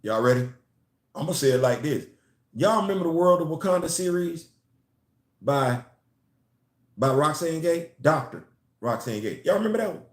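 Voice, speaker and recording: A man's voice: fairly high pitch, normal speed, long pauses. Emphatic man ranting in an echoey room. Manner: emphatic, animated, repeats phrases to build a point. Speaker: comics and culture commentator. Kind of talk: casual opinion vlog.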